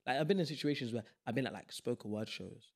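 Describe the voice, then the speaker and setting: Here a young man with a London accent, from South East London, talks quickly in a mid-range voice. He's a guest on a podcast, chatting in a lively, emphatic way and using plenty of slang.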